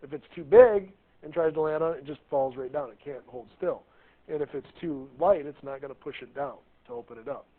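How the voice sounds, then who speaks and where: A man's voice: on the high side, a little fast. Jokey male teacher on a tinny recording. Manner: jokey, chatty, asks the class questions. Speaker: high school biology teacher. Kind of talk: classroom lecture. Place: classroom.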